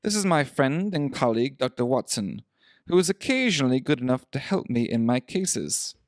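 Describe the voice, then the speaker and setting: A man reading a story aloud, voicing a shrewd, dry-witted male detective in a crisp, brisk manner. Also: mid-range voice, sing-song, no room sound, natural voice.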